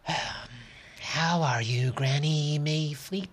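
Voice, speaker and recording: A tired, gentle woman doctor from a storybook, as a male reader puts her on, speaks in a hushed, husky voice. She talks slowly and hesitantly, halting on ums. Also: fairly high pitch, voice pushed up, exaggerated voice. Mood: soft weary. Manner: soft, hesitant, lots of ums. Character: weary, kind woman doctor.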